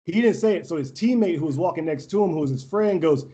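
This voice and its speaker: Brash, higher-voiced man telling stories. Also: quick pace, dull audio. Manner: brash, animated, laughs often. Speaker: podcast guest, volleyball coach. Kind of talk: casual storytelling interview.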